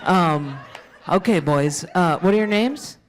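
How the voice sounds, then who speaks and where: A woman's voice: fairly low pitch, expressive, takes it slowly. A woman doing stand-up crowd work in a club, brash, profane and teasing with the audience. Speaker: stand-up comedian. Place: comedy club stage. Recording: roomy club sound from a distance. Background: laughing audience.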